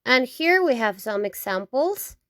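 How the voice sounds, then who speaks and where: A woman with a fairly high voice teaches words very slowly and patiently. She repeats each word several times and often checks in with a quick "okay?". The recording is dry and close. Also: big pitch swings, a bit bright, smooth, dry recording. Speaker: Spanish teacher. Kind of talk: slow, repetitive vocabulary lesson.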